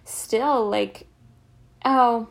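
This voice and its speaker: Young female host, casual and effusive, slightly high pitch. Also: extremely slow, gravelly. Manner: expressive, lots of "like" and "oh my God". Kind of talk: casual chat.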